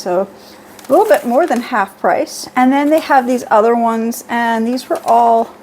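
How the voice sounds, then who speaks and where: A middle-aged beauty vlogger with a fairly high but darkish voice chats through a casual product haul at home. She reads labels and prices in an easygoing way, with a faint hum beneath her voice.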